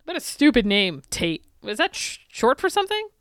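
A woman's voice: a little high, wildly swooping pitch, normal speed, a bit bright, no room sound, clean studio sound. A woman hosting a quiz on a casual podcast, teasing and laughing as she reads the questions. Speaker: podcast co-host, quizmaster. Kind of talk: casual chat.

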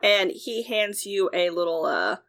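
A woman acting as game master who narrates a tabletop game in a relaxed, slightly hesitant way. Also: medium pitch, measured pace.

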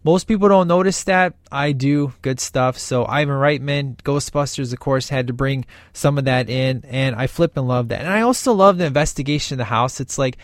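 A man's voice: medium pitch, normal speed, few pauses, no room sound, clean studio sound. A man hosting casual movie commentary, talking in a rambling, enthusiastic way with lots of fillers. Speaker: podcast host reviewing a film.

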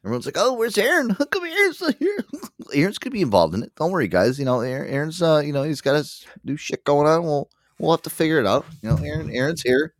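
A man's voice: fairly high pitch, expressive, fast talker, hardly any pauses, dry recording, studio quality. A man hosting a podcast in casual chat, rambling, swearing freely and laughing often. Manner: crude, rambling, laughs a lot. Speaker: podcast host.

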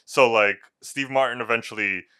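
A man's voice: mid-range voice, normal speed, clear, resonant tone. A man co-hosting a movie review podcast in casual chat, ranting and swearing freely. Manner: profane, ranting, animated. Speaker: podcast co-host.

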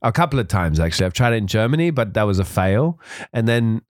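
A man's voice: lowish voice, sing-song, fast, no room sound, clean studio sound. A young Australian man hosting a casual podcast chat, joking and laughing as he tells stories, now and then slipping into silly voices. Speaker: podcast host. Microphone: studio mic.

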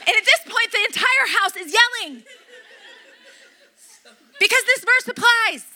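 A woman's voice: extremely high pitch, a little slow, pauses often, pushed and bright. A middle-aged woman pastor preaching a sermon, emphatic and repeating key phrases.

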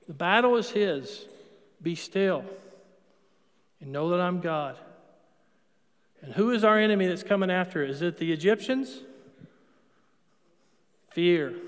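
A Catholic priest with a notably high voice delivers a conversational sermon, posing questions to the congregation and answering them himself. A long reverb carries his words, as in a large church.

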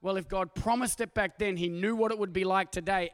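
A man's voice: sits high, brisk. Aussie pastor guy, middle-aged, preaching, acts out voices in his stories, long hall echo. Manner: animated storytelling with acted-out voices. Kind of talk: sermon. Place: church auditorium. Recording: long hall reverb from a church.

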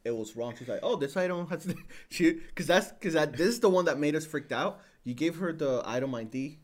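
A man's voice: on the high side, fairly quick. A man joining a podcast as a guest, chiming in with his side of the story in casual chat and laughing a lot. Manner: lively, chimes in, laughs a lot.

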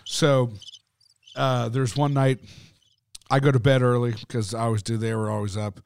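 A man's voice: medium pitch, little pitch movement, moderate pace, darkish tone, clear, resonant tone. A man co-hosting a podcast, telling a ghost story in casual chat, swearing often and rambling with lots of fillers. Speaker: podcast co-host.

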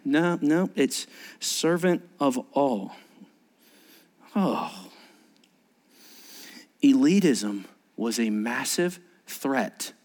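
A man preaching a sermon as pastor, animated and acting out scenes, often restarting his words. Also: fairly high pitch, in a large hall.

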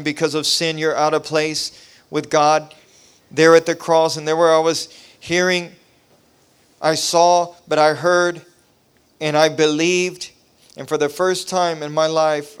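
Male pastor, revival preacher; smooth voice, impassioned delivery that climbs in intensity. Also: a little high, flat delivery, unhurried. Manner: impassioned, rising to near shouting; preacherly cadence with repetition. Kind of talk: revival sermon testimony.

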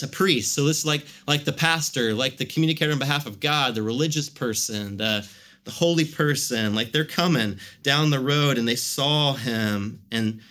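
Guy preaching a sermon, bright tense voice, chatty storyteller with lots of likes. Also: medium pitch. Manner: conversational, animated storytelling with many "like" fillers. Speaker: pastor.

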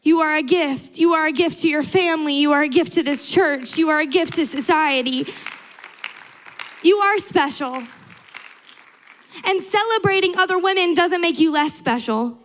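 A woman's voice: high-pitched, normal speed, pauses often, a bit bright, some chatter behind, slight background noise. A young adult woman preaching a sermon to a large church, earnest and emphatic, building through repetition.

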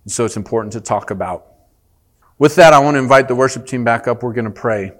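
A pastor with a medium-pitched voice preaches quickly in a church. He's earnest and emphatic, growing animated whenever he tells a story.

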